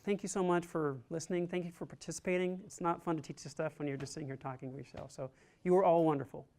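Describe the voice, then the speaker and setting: A man's voice: on the high side, steady tone, fast talker, darkish tone. Chatty, earnest male resilience trainer. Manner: informal and chatty, heavy use of "like"; earnest and encouraging. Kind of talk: classroom lecture with a personal story.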